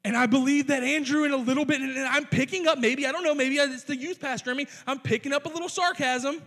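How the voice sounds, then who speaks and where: A man with a very high voice preaches a sermon, and the sound carries a long reverb off a big church sanctuary. As a youth pastor he talks casually and tosses in playful asides. He often restarts his sentences. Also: fairly even intonation, fast talker, a bit bright. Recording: long reverb of a large hall.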